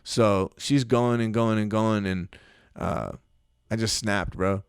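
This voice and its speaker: A man co-hosting a podcast, telling a rambling, animated story and acting out both sides of a phone call with plenty of swearing. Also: on the low side, slow, vocal fry, clean tone, dry recording, clean studio sound. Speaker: podcast co-host. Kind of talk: casual chat, storytelling.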